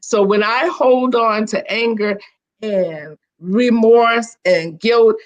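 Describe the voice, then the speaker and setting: An older woman, a guest on a video call, telling stories in a chatty, animated way and often restarting her sentences. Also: fairly high pitch, slow pace, lo-fi sound. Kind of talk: casual storytelling on a video call.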